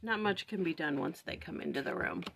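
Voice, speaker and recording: A woman's voice: deep voice, very animated, brisk, gravelly, fairly bright tone, slight background noise. A woman hosting a casual morning scripture-study vlog at home, thinking aloud with lots of "like" and "right?". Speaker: vlog host.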